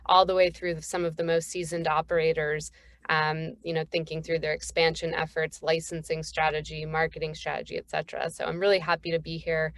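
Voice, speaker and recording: A woman's voice: low-pitched, completely flat delivery, a little fast, no echo. A woman from Boston, a company founder, introducing herself on a virtual panel while dialing in from the road. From Boston, Northeast US.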